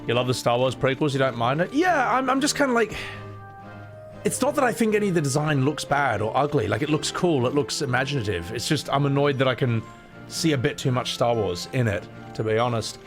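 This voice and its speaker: A young man casually commentating his first playthrough of a game, excitable and self-mocking, laughing and swearing as he goes. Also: mid-range voice, a little fast, over music. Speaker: streamer voicing game characters. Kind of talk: casual let's-play commentary.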